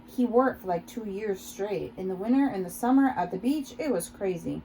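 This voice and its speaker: A woman's voice: mid-range voice, animated, fairly quick, warm tone, slight background noise, close to an everyday voice, poor audio. A woman reading an audiobook voices a teenage girl who talks in a casual, offhand way. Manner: offhand, chatty. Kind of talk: audiobook character voice.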